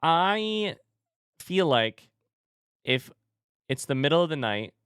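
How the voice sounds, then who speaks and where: This clean, echo-free studio recording features a young male streamer with a mid-range voice that is a bit bright, clear, and resonant. He gives casual let's-play commentary on a game he's playing live, chatting with viewers, reading their messages aloud, and swearing now and then.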